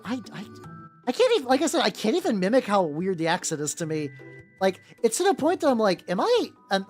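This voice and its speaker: A young woman chats loosely with her livestream audience, restarting sentences and tossing in fillers as she goes. Her voice sits at an ordinary middle pitch, with soft background music playing faintly underneath. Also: very animated, fairly quick. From United States. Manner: rambling, many fillers and restarts, greets chat. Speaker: streamer. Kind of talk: casual livestream chat.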